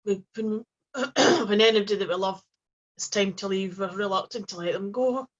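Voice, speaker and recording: A woman speaks in a gentle, meandering way, often circling back and restarting her sentences as she shares a personal story. Her voice sits at an ordinary middle pitch. The recording is dull and lo-fi. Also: moderate pace. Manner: gentle, rambling, with frequent restarts and soft fillers. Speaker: host. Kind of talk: casual personal storytelling to camera.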